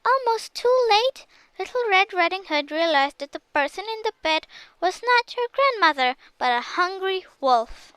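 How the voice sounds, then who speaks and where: A woman reading a children's fairy tale aloud with lively, expressive storytelling. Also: very high voice, normal speed, no room sound, rough recording. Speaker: storybook reader.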